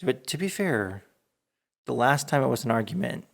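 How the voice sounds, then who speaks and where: A man hosting a casual podcast chat, talking in a halting way and often restarting his sentences. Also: mid-range voice, very animated, gravelly. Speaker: podcast host.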